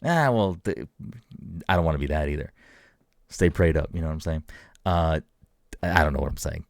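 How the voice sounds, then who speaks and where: Deep-voiced man on a casual podcast. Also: a little fast, vocal fry, no echo, studio quality. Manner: rambling, laid-back, swears casually. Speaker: podcast co-host. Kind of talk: casual chat.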